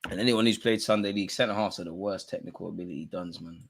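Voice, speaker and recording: Hosting a live football watch-along, a young man talks at a quick pace in a creaky voice, full of slang and energy, swinging from outbursts to quiet mutters.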